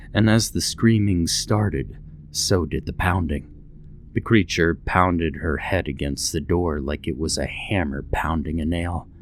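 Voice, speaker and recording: A man narrating a horror story in the first person, with measured, dramatic storytelling. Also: deep voice, a little hiss or hum.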